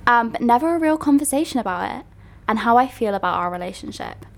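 A woman's voice: fairly high pitch, lively intonation, quick pace, vocal fry. A young woman co-hosting a chat podcast, telling stories with lots of laughing and fillers. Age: young adult. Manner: giggly, storytelling, lots of fillers. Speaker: podcast co-host. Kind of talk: casual chat.

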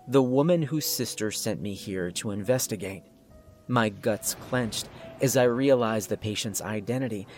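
Man narrating a horror story. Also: medium pitch.

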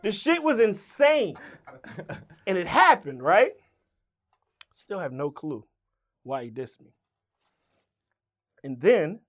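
Man telling a profane, animated story. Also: a little high. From Richmond, Virginia. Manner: profane, acts out both sides of dialogue. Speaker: rapper, interview guest.

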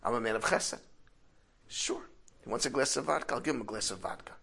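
Guy doing a hotel owner, high and shouty when he's riled, bright edgy voice. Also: fairly quick, creaky, slightly rough. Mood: earnest. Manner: swings from calm to furious shouting. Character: fiery, proud middle-aged hotel owner.

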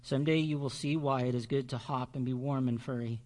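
A man doing a gentle, wise old wolf. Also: mid-range voice, steady tone, close to an everyday voice. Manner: slow, gentle, deliberate. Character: great silver male wolf, gentle and wise.

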